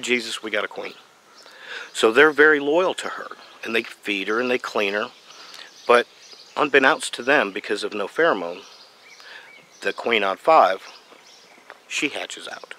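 A man giving a folksy, animated how-to explanation as a beekeeping vlogger, outdoors. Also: mid-range voice, a little hiss or hum. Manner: folksy, animated, playful asides. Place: outdoors by a tree and truck.

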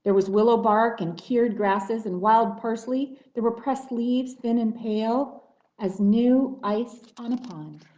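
A woman librarian reading a picture book aloud at a library story time, with gentle, expressive storytelling. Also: a little high, slow pace. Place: public library room. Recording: roomy echoey room.

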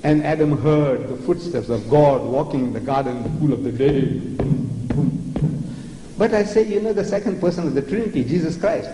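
A man's voice: high voice, dark tone. An older man from South Africa with a South African accent, giving a theatrical, mocking public lecture on religion and repeating words for effect. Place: large lecture hall. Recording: echoey hall with long reverb, faint noise.

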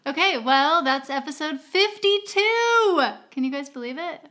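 A woman co-hosting a casual podcast, chatty and quick to laugh. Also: high voice, animated, sharp tone. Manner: chatty, laughs often, closes by singing a jingle. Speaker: podcast co-host. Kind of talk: casual chat.

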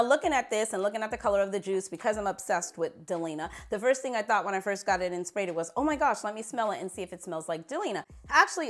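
A woman vlogger chatting casually to camera, sassy and playful, laughing at herself as she talks. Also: mid-range voice. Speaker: beauty vlogger.

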